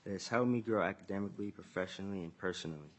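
A man's voice: deep voice, very fast, slightly rough. A teenage boy, earnestly reading prepared testimony at a legislative hearing. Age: teens. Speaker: student testifier.

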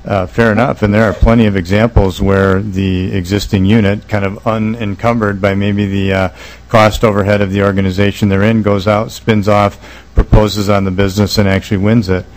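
Very low, flat-voiced male legislator. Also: rough recording. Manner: halting, many uh and um fillers; earnest and measured. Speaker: state legislator. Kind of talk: committee hearing testimony. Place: legislative committee room.

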